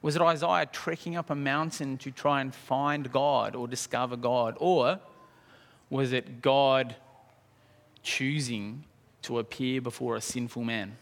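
A man preaching a sermon, animated, acting out scenes and asking the congregation questions. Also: medium pitch, measured pace. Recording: reverberant hall.

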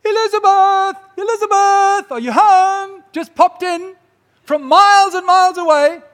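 A man's voice: very high voice, a little slow, fairly bright tone, voice pushed up. A man preaching puts on the voice of a cheerful young woman calling through a house. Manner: breezy, calling from afar. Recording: long reverb in a large hall.

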